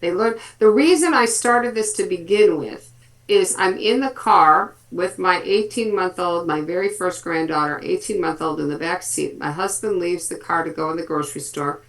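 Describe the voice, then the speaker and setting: A woman's voice: on the low side, moderate pace. Grandmotherly woman telling therapy stories. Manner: lively storytelling, quotes kids and family. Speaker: speech and language therapist. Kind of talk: casual web chat.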